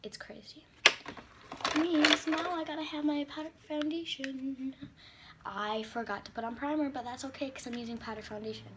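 A woman's voice: high-pitched, steady tone, normal speed, very noisy. A woman vlogging as she does her makeup, chatty and flustered, often dropping to a whisper. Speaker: beauty vlogger. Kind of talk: casual vlog chat while doing makeup.

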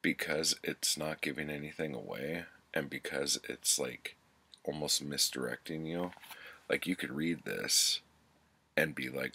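Super low gravelly guy doing a chill book review, slow and rambly, says like a lot, swears. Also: pushed and bright. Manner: loose and chatty, full of "like" and "um", swears freely.

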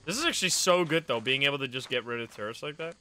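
A man streaming a game live, talking to himself and his friends in an excitable way, swearing and laughing often. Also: medium pitch, very fast, slight background noise. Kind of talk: casual live gameplay commentary.

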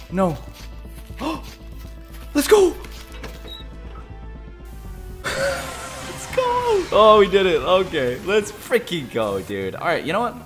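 Jumpy young man calling a horror game. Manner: jumpy, yelps and shouts at scares, then mutters low. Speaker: gaming video host. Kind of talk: excited gameplay commentary.

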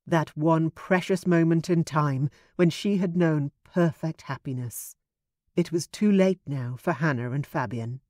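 A woman's voice: sits low, a little mellow, dry recording, clean studio sound. Woman narrating a period romance audiobook.

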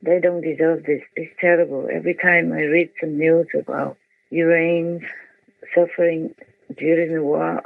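An older woman with a gravelly, fry-laced voice comes through a tinny phone line. She speaks with deep feeling and keeps repeating words for emphasis. The sound is dry and close. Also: level tone, normal speed, no room sound. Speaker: spiritual teacher. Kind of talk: conference call with her team.

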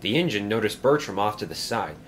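A man narrating a children's train story in an expressive storybook style. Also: fairly low pitch, a little fast, a little hiss or hum.

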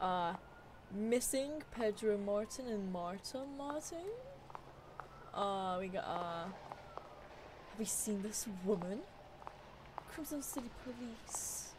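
A woman's voice: mid-range voice, slow, long pauses, background noise. A woman streaming a horror video game live, commenting expressively, swearing and gushing.

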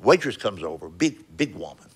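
Folksy comedian, lively pitch. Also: male voice, brisk, heavy background noise. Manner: folksy Southern storytelling, drawling punchlines. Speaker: stand-up comedian. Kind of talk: stand-up comedy set, then chat. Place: comedy club stage.

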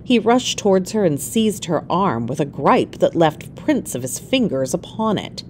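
A woman reading a classic short story aloud in an expressive, measured way. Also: lowish voice, slight background noise. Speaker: reader.

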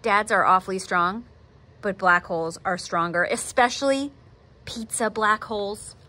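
A woman art teacher who reads a picture book aloud with expressive, animated storytelling, then gives drawing steps. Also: mid-range voice, measured pace.

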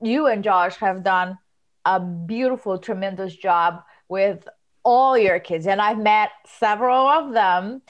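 A woman's voice: mid-range voice, a little slow, muffled recording. Upbeat woman podcast co-host. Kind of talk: casual podcast chat.

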